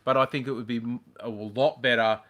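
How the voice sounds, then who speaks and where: A man's voice: mid-range voice, fairly even intonation, a little fast, a bit bright. A man co-hosting a farm channel live stream from home, chatting casually in a jokey, self-mocking way. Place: home living room.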